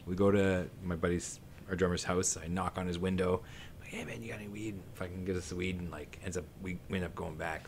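A man's voice: low voice, level tone, brisk, a little hiss or hum. A man in his late thirties from southern Ontario, a guest musician telling a long story on a podcast in a rambling, profane way, full of fillers and laughter.

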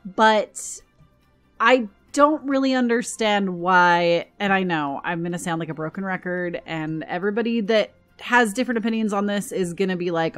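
A woman's voice: medium pitch, moderate pace, a bit bright, soft background music. A young American woman talking casually as she shows items in a game, gushing over things she likes, with a scratchy throat that keeps catching. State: throat trouble and hiccups. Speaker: gaming YouTuber.

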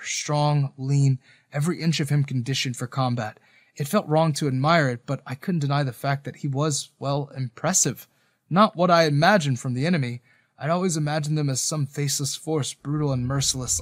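A man narrating a first-person romance story in a calm, reflective way. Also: medium pitch, no room sound, studio quality.

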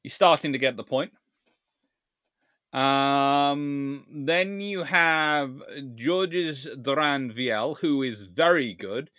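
A man hosting a live-stream history lecture, telling his story in an animated, theatrical way. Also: mid-range voice, slow pace, dry recording, clean studio sound. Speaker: naval historian host.

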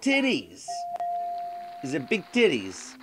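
A man's voice: a little high, wildly swooping pitch, slow, over music. An intoxicated man streaming a quiz game, cursing and ranting angrily at it. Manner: cursing, angry, yelling at the game. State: intoxicated, slurring. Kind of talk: drunken gaming rant. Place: room with a TV on.

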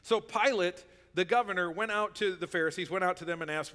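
Guy preaching a sermon, high sharp voice, long church reverb, keeps asking okay?. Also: a little fast. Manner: conversational preaching, checks in with "okay?". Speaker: pastor. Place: church sanctuary.

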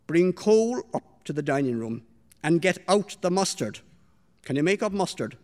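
A man voicing a sharp-tongued, bossy mistress of a house who scolds and gives orders, in a storybook reading. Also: fairly low pitch, big pitch swings, moderate pace, long reverb tail. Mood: angry. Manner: scolding, impatient, commanding.

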